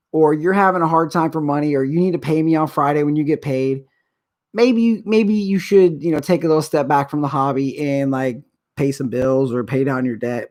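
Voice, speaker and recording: Middle-aged guy ranting on his stream, worked up, rambles all over. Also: on the high side. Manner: agitated, rambling, animated. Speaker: show host. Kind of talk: casual live-stream rant.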